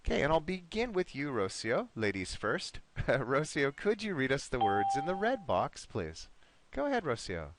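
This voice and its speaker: A man's voice: mid-range voice, wildly swooping pitch, normal speed, a little hiss or hum. A man teaching an online English lesson, patiently encouraging his students and modeling pronunciation word by word.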